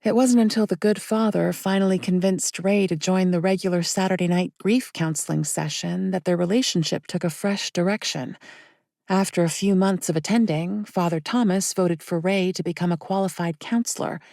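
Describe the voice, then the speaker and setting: A woman narrating an audiobook thriller in a steady, measured way. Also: on the low side, gravelly, no room sound, clean studio sound. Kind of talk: scripted narration.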